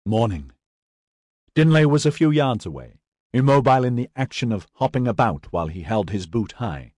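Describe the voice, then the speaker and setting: A man reads a fantasy novel aloud with lively, swinging intonation and a husky grain. The recording is dry and close, with no room sound. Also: medium pitch, moderate pace, dry recording. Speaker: audiobook narrator. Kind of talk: scripted narration.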